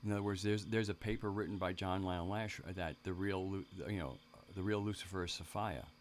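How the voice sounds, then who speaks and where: Man, very low voice, rambling live-stream host, restarts, faint hiss, crickets in background. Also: steady tone, brisk. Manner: rambling, many restarts, chats with viewers. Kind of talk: casual live-stream monologue.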